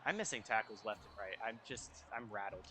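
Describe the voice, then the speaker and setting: A young man giving casual, excitable commentary over a football video game, reacting out loud to each play. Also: fairly low pitch, fairly quick, a little hiss or hum. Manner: excitable, reacting loudly to plays. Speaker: gaming YouTuber. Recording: faint music behind.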